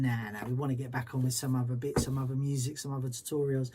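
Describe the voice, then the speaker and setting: A man's voice: mid-range voice, steady tone, fast, hardly any pauses, warm tone, slight background noise. Upbeat man DJ signing off. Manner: upbeat, chatty, loose and slangy. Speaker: DJ and show host. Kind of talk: casual livestream chat.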